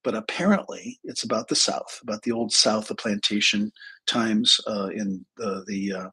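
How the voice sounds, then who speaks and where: On a casual livestream, a middle-aged therapist and spiritual teacher chats with his viewers in a fairly low, gravelly, rough, husky voice that sounds pushed and bright. He talks at a normal speed, rambling and joking at his own expense, with lots of fillers, restarts and trailing sentences. The recording is rough.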